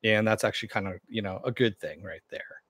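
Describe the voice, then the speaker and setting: Low-voiced man rambling through a review. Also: fairly quick, fairly bright tone, husky, no echo. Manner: rambling, with frequent fillers and restarts. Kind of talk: casual video review.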